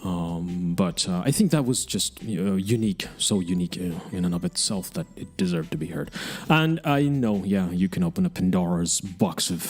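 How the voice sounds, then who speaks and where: A man's voice: low voice, animated, moderate pace, few pauses, darkish tone. A man hosting an online radio show, chatting casually and rambling between songs, frank and self-mocking and often restarting his sentences.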